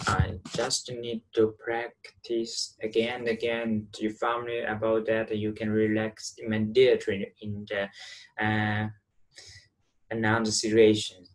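Man, Chinese accent, language teacher, very slow, halting, drills syllables. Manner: slow, halting explanations with many fillers; drills syllables in a higher, careful voice. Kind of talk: online language lesson.

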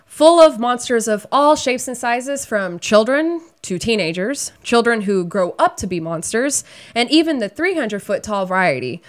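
A woman co-hosting a horror movie show, chatting casually with dry, wry remarks. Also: a little high. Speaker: co-host. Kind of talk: casual movie review chat.

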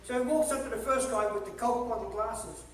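A man preaching a sermon to a congregation, animated and jokey, often repeating words as he starts a phrase. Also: extremely high pitch, a little fast, a little hiss or hum. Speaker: evangelist preacher. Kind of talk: sermon with humorous storytelling. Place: church sanctuary. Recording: echoey church hall from a distant mic.

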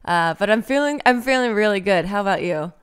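A woman in her thirties talks in a relaxed, easygoing podcast chat. Her voice is very smooth and clear at an ordinary middle pitch. She laughs easily and pokes fun at herself. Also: fairly quick. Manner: laughs often, self-deprecating. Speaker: podcast guest.

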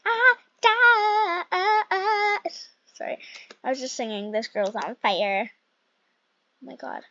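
A woman's voice: mid-range voice, a little slow, vocal fry, highs cut off. A woman hosting casual game commentary at home, chatty and rambling as she plays. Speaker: gaming channel host.

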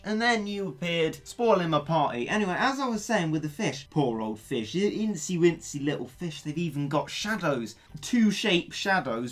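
Gaming host, lively swooping pitch, excitable, mutters then yelps. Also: male voice. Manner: excitable, swings from low mutters to loud yelps. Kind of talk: casual gameplay commentary.

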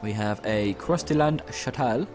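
A man's voice: lowish voice, a little slow, a little mellow, soft background music. A young man casually commenting on a game he plays, reading its lines aloud with playful outbursts. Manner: chatty, reads game dialogue aloud with playful exclamations. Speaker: let's play host.

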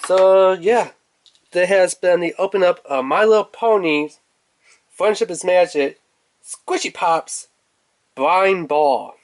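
Man, casual toy review, chatty, rambling, slightly high voice, dry room. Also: takes it slowly, long pauses, no echo. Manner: chatty, rambling with fillers, excitable when revealing toys.

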